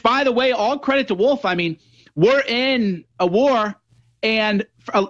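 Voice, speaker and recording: Appearing as a guest on a political talk show, a man tells lively stories and performs the voices of the people he quotes. His voice sits high, and the sound quality is lo-fi.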